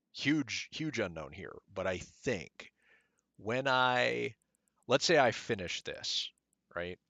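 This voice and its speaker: A man streaming a game, chatting casually and rambling as he thinks out loud. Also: lowish voice, no room sound, muffled recording. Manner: mutters at the game.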